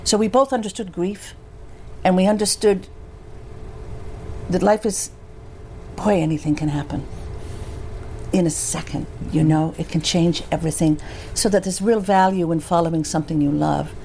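Older American woman, interview guest, warm storyteller who slips into quoted voices, light background hiss. Conversational, lively. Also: fairly low pitch, moderate pace. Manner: animated, anecdotal, acts out quoted voices. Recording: faint background noise.

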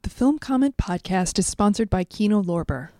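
A woman reading a podcast sponsor announcement in a steady, measured way. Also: medium pitch, no room sound, clean studio sound.

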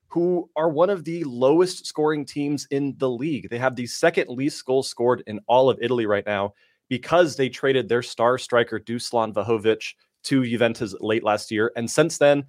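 Male analyst, dry close sound, brisk confident stat-heavy delivery. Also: medium pitch, no echo. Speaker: soccer betting analyst. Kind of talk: sports betting analysis.

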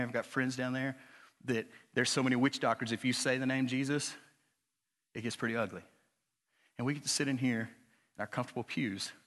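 A man preaching a sermon as pastor, moving from quiet, low talk to loud, high-pitched exhortation. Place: church sanctuary. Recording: church hall reverb.

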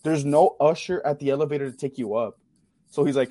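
A young man, telling a rowdy story on a talk show, swearing freely and talking fast. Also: mid-range voice, dry recording. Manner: profane, animated storyteller. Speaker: caller sharing a story. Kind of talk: casual storytelling.

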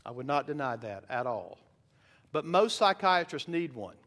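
A man's voice: medium pitch, sing-song, moderate pace, a bit bright. A man preaching a sermon in church, emphatic, asking the congregation rhetorical questions. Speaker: pastor. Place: church sanctuary.

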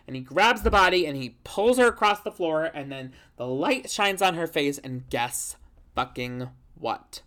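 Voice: medium pitch, expressive, a little slow, fairly bright tone. A podcast host giving a comic, rambling plot recap with dramatic "guess what" beats.

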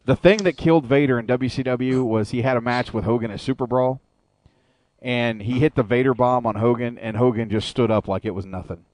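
A man's voice: mid-range voice, a little fast, a little mellow, dry recording. A man hosting a wrestling radio show, ranting with lots of swearing in a casual chat. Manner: profane, ranting storyteller.

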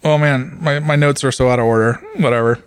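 A man's voice: medium pitch, fairly even intonation, a little fast, clear, resonant tone, no room sound, clean studio sound. A man co-hosting a podcast, joking and rambling through casual chat with plenty of fillers. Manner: jokey, rambling, lots of fillers. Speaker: podcast co-host and motorcycle racer.

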